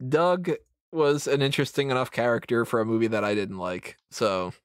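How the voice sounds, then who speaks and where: A man in his thirties chats loosely on a podcast mic, rambling and poking fun at himself. The sound is close and dry, with no room around it. His pitch sits in an ordinary middle range. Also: fairly even intonation, normal speed, smooth, no echo. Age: 30s. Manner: rambling, self-mocking, laughs often. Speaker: podcast host. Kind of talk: casual roundtable chat.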